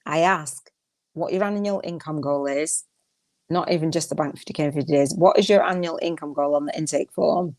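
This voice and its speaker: A woman's voice: low-pitched, normal speed, darkish tone. An older woman hosting a solo coaching podcast, chatty and emphatic, often repeating her phrases and laughing as she talks. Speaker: podcast host.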